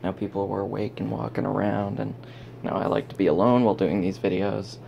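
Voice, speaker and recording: A man's voice: fairly low pitch, steady tone, brisk, creaky, highs cut off, slight background noise. A young man vlogging at home into his phone, rambling from topic to topic and talking to himself. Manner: rambling, self-talking, jumps between topics. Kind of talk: casual rambling vlog. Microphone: handheld phone.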